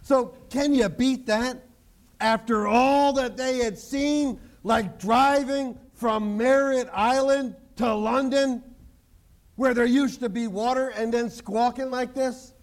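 A man preaching a sermon to his congregation, animated, joking and acting out the people in the story. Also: very high voice, slow pace. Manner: animated preaching with jokes and acted-out quotes. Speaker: pastor.

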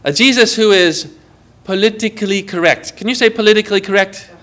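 A man preaching a sermon, lively and emphatic, asking the congregation questions. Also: sits high, fast.

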